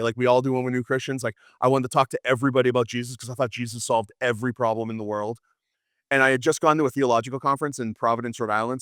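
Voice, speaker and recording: A man teaching apologetics to a class, lively and storytelling, often restarting his sentences. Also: mid-range voice, smooth, no room sound, studio quality. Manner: animated, storytelling, frequent restarts and laughs. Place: classroom with students.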